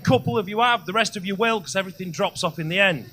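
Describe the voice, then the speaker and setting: A male comedian doing a crude stand-up set on a comedy club stage, with loud outbursts on the punchlines. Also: high-pitched, fast talker, slight background noise.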